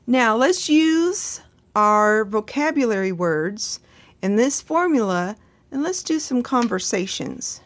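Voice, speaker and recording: A woman's voice: a little high, expressive, slow. A woman teaching a language lesson, patiently explaining sentence patterns and translating each word. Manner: patient, reassuring, repeats words and translates them.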